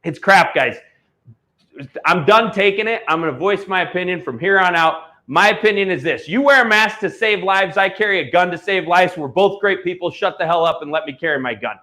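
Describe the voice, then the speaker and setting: A man with a high, bright and forceful voice, hosting a live auction stream. He talks bluntly and heatedly, pushing products like a salesman. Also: a little fast. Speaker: online auction host.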